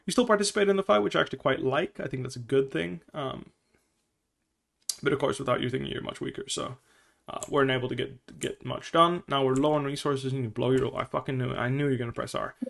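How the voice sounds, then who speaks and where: A man's voice: mid-range voice, fast, gravelly. A man coaching a player through a game review in casual talk, blunt and swearing a lot, acting out little scenes.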